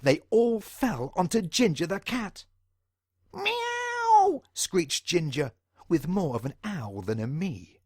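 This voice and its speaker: Husky, animated man reading a storybook. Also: on the high side, dry recording, studio quality. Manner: theatrical, punching out sound-effect words; asks the young listener questions directly. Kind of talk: reading a children's picture book aloud.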